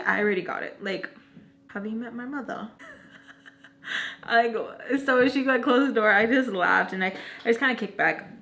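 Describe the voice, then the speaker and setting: A woman's voice: mid-range voice, sharp tone. Chatty young woman telling a story. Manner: chatty, slangy, heavy use of "like". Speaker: vlogger. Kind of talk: storytime vlog.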